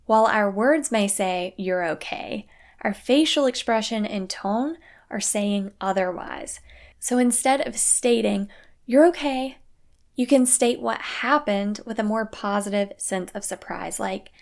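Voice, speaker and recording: A young woman hosting a parenting podcast, talking calmly and earnestly in a scripted solo talk. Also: medium pitch, unhurried, gravelly. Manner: calm, earnest, acts out quoted phrases.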